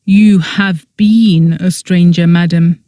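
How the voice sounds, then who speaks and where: Brief: snooty ghost butler, pompous and formal, read by the narrator, mellow dry sound. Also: medium pitch, fairly even intonation, takes it slowly, dry recording, close to an everyday voice. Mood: reproachful.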